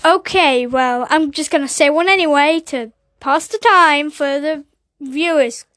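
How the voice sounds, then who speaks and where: A woman's voice: sits high, a little slow, fairly bright tone, no room sound. A woman hosting a casual chat, offhand and giggly, often trailing off. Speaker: host.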